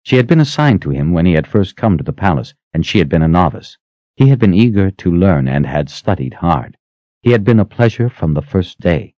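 A man narrates a fantasy novel with a very deep voice and a lively, expressive delivery. The reading is dramatic and carefully scripted. The recording is dry, with a slightly dull, muffled tone. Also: brisk, no room sound. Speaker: audiobook narrator.

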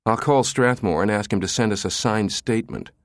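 A man's voice: on the low side, brisk, dry recording, clean studio sound, pitched above the performer's own voice, natural voice. A man voicing a nervous, exasperated male office assistant who pleads in a flustered way.

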